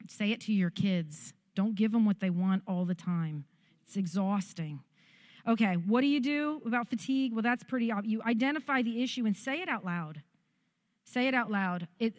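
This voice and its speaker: A woman's voice: mid-range voice, darkish tone, no room sound, studio quality. A middle-aged woman pastor, giving a conversational, encouraging sermon straight to her congregation.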